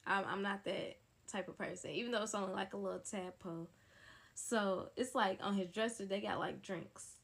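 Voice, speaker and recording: A young woman telling a dramatic story to her listeners in a casual, animated way. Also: medium pitch, moderate pace, vocal fry.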